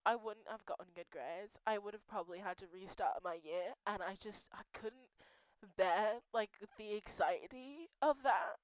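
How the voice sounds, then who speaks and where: Young woman crying thru a rambly vent vlog, swears a lot, smooth voice, kinda dull lo-fi sound. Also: mid-range voice, normal speed, no echo. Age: young adult. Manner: rambling, swears often, restarts sentences. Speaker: vlogger. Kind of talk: emotional personal vent.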